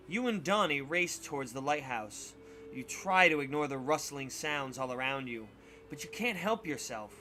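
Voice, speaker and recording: Dramatic male reader, very bright tone, lively delivery. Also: on the high side, normal speed, a little hiss or hum. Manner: dramatic, expressive narration. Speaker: storybook reader on a stream. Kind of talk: reading a choose-your-path horror book aloud.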